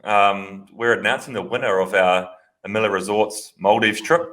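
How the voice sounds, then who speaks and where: A laid-back man with a fairly low voice who keeps the podcast chat moving. He sounds relaxed and chatty and is easily amused. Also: normal speed. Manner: laid-back, drives the show along. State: training with a broken wrist. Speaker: podcast co-host. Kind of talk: casual chat.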